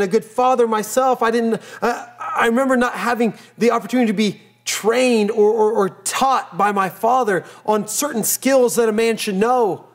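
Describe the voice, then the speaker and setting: A man preaching a sermon as pastor, telling a personal story in an earnest way and repeating phrases for emphasis. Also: very high voice.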